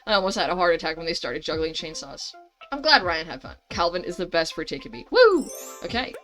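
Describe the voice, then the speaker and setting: Young woman, gaming channel host, reads story game aloud, chatty asides, giggly, quick, faint music behind. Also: fairly low pitch, rough recording. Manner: animated, rambling, giggly storyteller.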